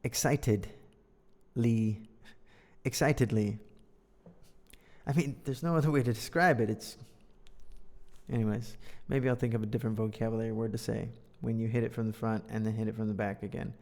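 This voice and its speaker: A man's voice: lowish voice, steady tone, brisk, creaky, a little mellow. A man reading a children's story aloud to learners, joking and teasing himself between lines in a playful way. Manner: playful, joking, self-deprecating. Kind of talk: casual read-aloud with commentary. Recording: long reverb.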